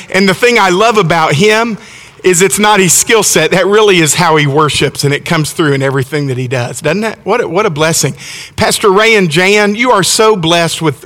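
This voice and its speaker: A middle-aged man from Alabama with a Southern American accent and a slightly high, somewhat bright voice preaches as a visiting preacher in a church sanctuary with long reverb. His sermon mixes in storytelling, delivered in a folksy, enthusiastic way as he often restarts his words.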